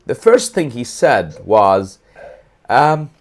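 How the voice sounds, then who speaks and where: A man with a mid-pitched voice co-hosting a casual livestream. He talks in an animated, rambling way, restarting his sentences often. He speaks around a throat lozenge in his mouth. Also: takes it slowly. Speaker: co-host.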